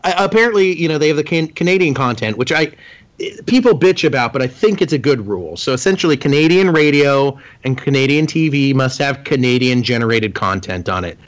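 A man's voice: medium pitch, lively intonation, a little fast. A man co-hosting a casual podcast chat, talking in a chatty, enthusiastic way with some swearing. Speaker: podcast co-host.

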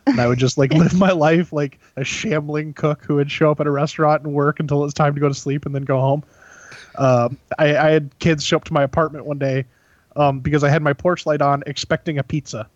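A man's voice: on the high side, steady tone, fairly quick, no echo, muffled recording. A man chatting casually on a podcast, rambling with lots of filler words and frequent laughs. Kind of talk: casual chat.

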